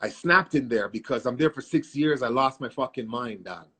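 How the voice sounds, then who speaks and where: A man with a husky, slightly grainy voice recounts his past in an interview. He talks in animated, profane street slang at a middling pitch. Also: normal speed. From Canada. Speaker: guest artist. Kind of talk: storytelling interview.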